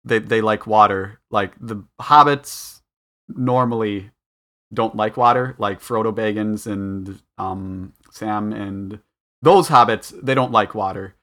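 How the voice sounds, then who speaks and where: A man's voice: lowish voice, slow, a bit bright. A man co-hosting a podcast in casual chat, talking things through aloud with fillers. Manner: chatty, thinking aloud with fillers. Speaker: podcast co-host.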